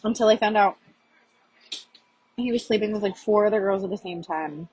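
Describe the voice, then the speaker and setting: A woman hosting a podcast, telling a confessional story in a halting way, with frequent fillers and restarts, while chewing a peppermint. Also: mid-range voice, a little mellow, husky, poor audio. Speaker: podcast host. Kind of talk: confessional monologue.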